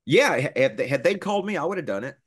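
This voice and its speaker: A middle-aged man, a voice actor, chatting casually in an interview and telling lively stories. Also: on the high side, quick pace. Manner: animated storyteller, slips into character voices. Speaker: voice actor guest.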